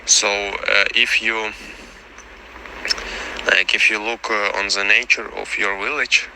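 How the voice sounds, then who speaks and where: A man explaining how a village dialect is pronounced, speaking English as a with as his first, halting often with fillers and pauses. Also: fairly low pitch, little pitch movement, noisy background. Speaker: language informant.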